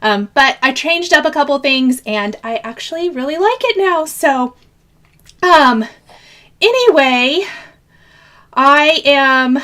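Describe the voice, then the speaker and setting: A woman's voice: high-pitched, lively intonation, slow pace, bright, forceful tone. A woman from the American Midwest chatting on a live craft stream, greeting viewers by name and laughing often. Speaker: craft channel host.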